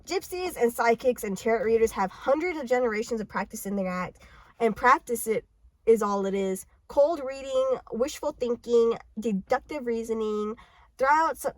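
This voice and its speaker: Woman, casual novel read-aloud, slightly high voice, stumbling restarts, swearing asides, parked car. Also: normal speed, dry recording, rough recording. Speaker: audiobook reader.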